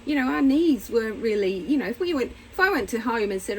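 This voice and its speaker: Woman therapist, middle-aged, casual and frank to camera, very animated delivery, faint hiss behind her. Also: a little high, quick pace, few pauses, poor audio. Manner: candid, blunt, animated, acts out little voices. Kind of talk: casual explanatory talk to camera.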